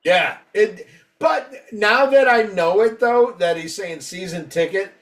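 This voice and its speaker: A man's voice: high-pitched, a little slow, fairly bright tone. A man co-hosting a casual album review, rambling and swearing freely, acting out quotes from band members. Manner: profane, rambling, acts out quotes. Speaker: podcast co-host.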